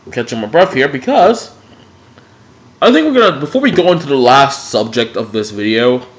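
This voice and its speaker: A man casually reviewing superhero movies in an excitable way, swearing freely. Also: mid-range voice, normal speed. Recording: dull lo-fi recording.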